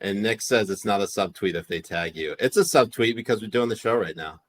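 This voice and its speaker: A man co-hosting a podcast in loose casual chat. His voice sits a little low, and he lands jokes with a mock-serious tone. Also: a little fast. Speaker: podcast co-host.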